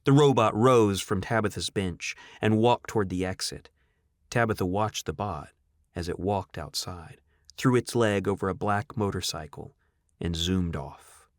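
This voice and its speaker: A man narrating an audiobook in a dramatic, expressive storytelling manner. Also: low-pitched, measured pace, no room sound, studio quality.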